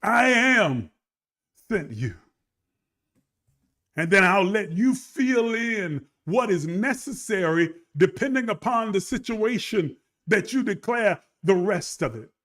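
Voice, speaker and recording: A man preaching a livestreamed sermon, building from low talk to shouted emphasis and calling on listeners to respond. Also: animated, slow. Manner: calls on online listeners to respond.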